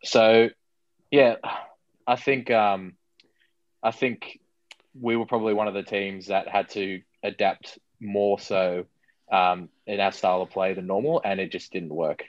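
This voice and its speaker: A man's voice: lowish voice, unhurried, no echo, highs cut off. A young Australian man, a guest referee, talking wryly with hesitant fillers in a casual podcast chat. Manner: relaxed, wry, hesitant fillers. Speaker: guest, rugby league referee.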